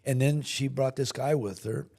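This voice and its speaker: A man's voice: medium pitch, normal speed, warm tone. A man guesting on a podcast, telling a personal story in a casual way and acting out the dialogue. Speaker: podcast guest, chamber of commerce chairman. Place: podcast studio.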